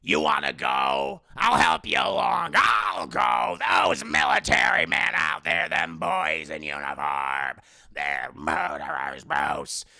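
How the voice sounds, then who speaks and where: A man mock-impersonating a gruff, unhinged old father in a deep, gravelly growl, hammy and drawn out. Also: very animated, slow, bright, forceful tone, no room sound, raised voice, full character voice. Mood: bellowing.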